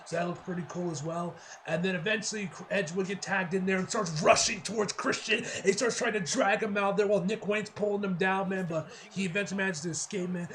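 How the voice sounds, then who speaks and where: A man giving a casual, rambling wrestling show review, excitable and full of fillers and laughs. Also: high voice, fairly quick, few pauses, slight background noise.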